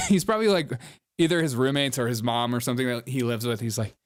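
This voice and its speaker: A man in an average pitch range hosts a loose reaction show. He talks casually, teases the clips he is watching and breaks into laughter again and again. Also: fairly quick, clean tone. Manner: mocking, laughs often while talking. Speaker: host.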